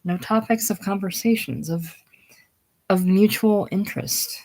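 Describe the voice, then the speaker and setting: A woman reading the part of a high-strung, romantic schoolteacher in a casual play reading, speaking in a breathless, theatrical way. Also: measured pace, darkish tone, low-quality recording. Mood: indignant.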